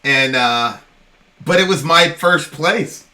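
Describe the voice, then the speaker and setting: A man's voice: a little high, slow pace, bright, forceful tone. A man co-hosting a podcast, telling a personal story in a rambling, casual way, swearing freely and often asking "you know what I'm saying". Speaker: podcast co-host.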